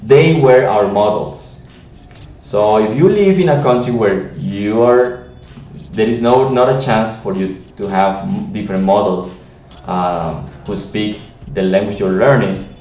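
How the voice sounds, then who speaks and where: A man's voice: medium pitch, dark tone, echoey room, distant mic. A man with a Latin American Spanish accent, giving an earnest teaching talk on language learning with frequent restarts. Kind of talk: teaching monologue to camera.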